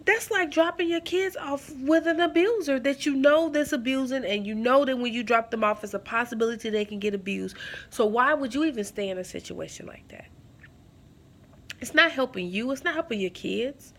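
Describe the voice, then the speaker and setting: A woman's voice: high voice, normal speed. A woman giving impassioned advice to her viewers at home, preachy and emphatic, repeating her key phrases and calling the listener girl. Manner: addresses listener as girl and baby girl. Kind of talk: impassioned advice talk to camera.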